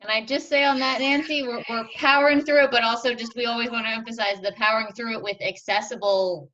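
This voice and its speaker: A woman co-host adding quick points in a webinar. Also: fairly high pitch, fairly even intonation, fairly bright tone. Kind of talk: conversational webinar comment. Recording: distant, dull lo-fi call audio.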